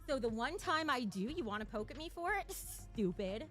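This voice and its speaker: A high-voiced woman streamer whose pitch swoops widely as she rants and mocks. Her tone is bright and sharp, full of profanity and taunts. She sounds slightly out of breath. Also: big pitch swings, normal speed, faint music behind. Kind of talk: casual livestream rant.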